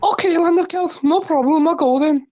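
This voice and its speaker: A man's voice: extremely high pitch, normal speed, darkish tone. A man putting on a brash Scouse woman's voice in the style of a famous Liverpool entertainer, heckling and demanding answers on a live panel stream. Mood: defiant.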